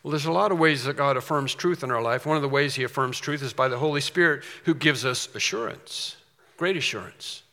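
A man's voice: mid-range voice, brisk, sharp tone, long reverb tail. A man preaching a sermon as a pastor, earnest and emphatic, with storytelling asides.

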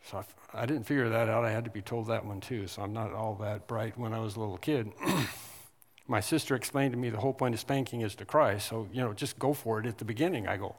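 A man's voice: medium pitch, a little fast, long reverb tail. A man preaching a sermon earnestly, building to emphatic stresses and often restarting his sentences. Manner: earnest, rises to emphatic stress on key words, with frequent restarts.

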